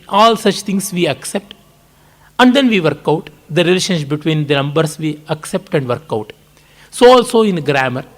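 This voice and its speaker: Indian man lecturing, fairly high voice. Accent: Indian English, Kannada. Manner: measured, explanatory, frequent "uh" pauses. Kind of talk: public lecture on culture. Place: lecture hall.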